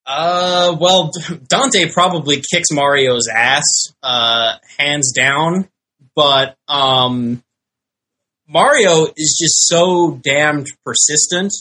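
A man's voice: a little high, drawn-out words, pushed and bright, rough recording. A man on a podcast panel, reasoning hesitantly with many fillers. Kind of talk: casual podcast banter.

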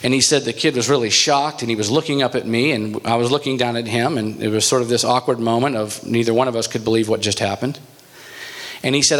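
A pastor delivers a sermon, telling a story with growing animation and speed as it builds. His voice sits in an ordinary middle pitch for a man. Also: quick pace, fairly bright tone.

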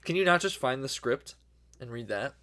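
Young woman co-host, strikingly deep voice, easygoing and teasing. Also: lively intonation, normal speed, fairly bright tone. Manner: laid-back, teasing, laughs often. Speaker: podcast co-host. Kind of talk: casual chat.

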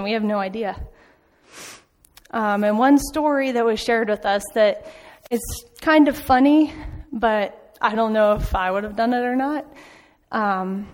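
A woman giving an informal sermon in a church, telling stories in a chatty way with frequent ums. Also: mid-range voice. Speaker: church speaker back from a mission trip. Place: church sanctuary. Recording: long hall reverb.

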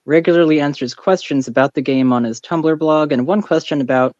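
A man's voice: fairly high pitch, brisk, darkish tone, no room sound. Exasperated laughing man, slightly muffled. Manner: laughs often, exasperated outbursts. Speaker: podcast co-host. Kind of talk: casual chat.

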